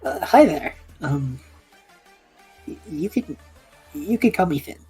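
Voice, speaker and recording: A woman's voice: sits low, lively intonation, takes it slowly, dark tone, husky, faint music behind, heavily acted, poor audio. A woman playing a stammering, bewildered young sky elf man. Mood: shy. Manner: stammering, hesitant.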